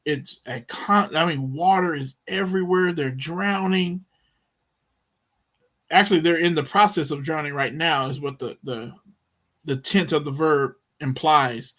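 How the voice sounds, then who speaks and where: Slow, emphatic male Greek teacher. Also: a little high, fairly bright tone. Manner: slow, emphatic, acts out the disciples' panic. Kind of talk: Bible Greek lesson.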